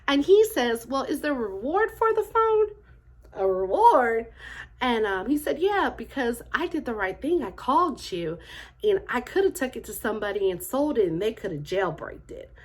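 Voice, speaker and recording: A middle-aged woman talks straight to her viewers in a casual vlog, her voice sitting a little on the high side. She tells her stories in a chatty, animated way, dropping plenty of "like" and "um" as she goes. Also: moderate pace. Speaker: vlogger. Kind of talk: casual storytelling to camera.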